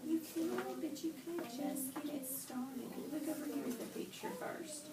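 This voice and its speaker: A woman's voice: high-pitched, measured pace, a loud crowd. A woman teaching young children to read, patient and prompting them with questions. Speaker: reading teacher. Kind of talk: guided reading with young children. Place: classroom. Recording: echoey classroom from far off, loud noise.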